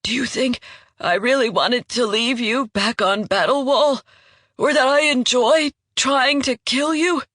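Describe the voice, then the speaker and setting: A man's voice: very high voice, a little slow, bright, forceful tone, no room sound, studio quality, voice pushed up, heavily acted. A woman voicing a wounded, desperate male traitor who pleads in a quavering voice.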